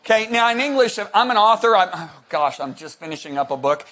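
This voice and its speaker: Male preacher, high voice, animated sermon, shouts for emphasis, rambling asides. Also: quick pace, crowd noise. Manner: rambling with restarts, jokey asides.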